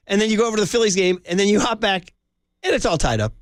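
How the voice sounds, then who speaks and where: Male sports radio host, lively, chatty, a little high-voiced, dry studio mic. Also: brisk, no room sound. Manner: animated, chatty, laughs often. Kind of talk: casual sports radio chat.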